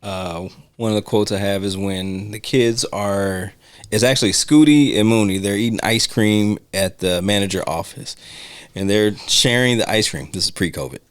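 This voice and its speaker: A man co-hosting a casual film discussion podcast, relaxed and laughing as he retells scenes. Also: on the low side, moderate pace, smooth. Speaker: podcast co-host.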